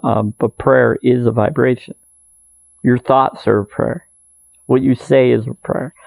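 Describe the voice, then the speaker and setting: Gravelly, mellow-voiced man musing on prayer. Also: mid-range voice, steady tone, a little slow, dry recording, poor audio. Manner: earnest, meandering, repeats phrases, soft laughs. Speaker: spiritual video maker. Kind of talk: rambling spiritual monologue.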